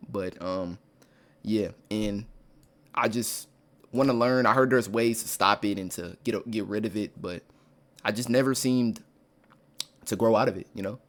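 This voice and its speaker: A man with a lisp chatting casually as a YouTuber, mumbling and trailing off softly with lots of fillers. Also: lowish voice, measured pace, long pauses. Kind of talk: casual chat.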